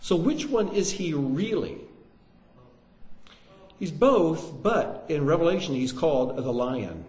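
A man preaching a sermon in an animated way, with joking asides and swings between loud and hushed delivery. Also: a little high, takes it slowly, long pauses, reverberant.

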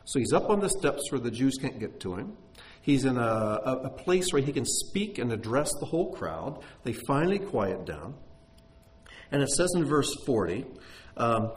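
Male preacher, mid-pitched and lively; reads verses with expression, then drops into easy conversational explanation. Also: normal speed. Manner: expressive reading, breaks off into plain-spoken commentary. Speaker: Bible teacher. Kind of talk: sermon reading and explaining scripture.

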